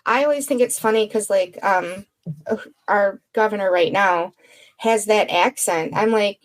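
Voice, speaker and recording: A woman from Michigan co-hosting a podcast, chatting in an animated, amused way. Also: mid-range voice, unhurried. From Michigan, USA. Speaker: podcast co-host. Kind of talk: casual chat.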